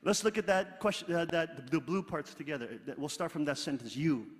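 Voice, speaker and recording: Emphatic pastor man, high, in a hall. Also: brisk. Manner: emphatic, swings between loud exclaiming and quiet asides; leads the congregation in reading scripture aloud. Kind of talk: sermon. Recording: long hall reverb.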